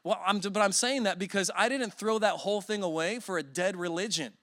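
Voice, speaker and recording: A man's voice: sits high, a little fast, fairly bright tone, no room sound. A man in his forties preaching a sermon as a guest speaker, telling emotional stories with self-deprecating humor.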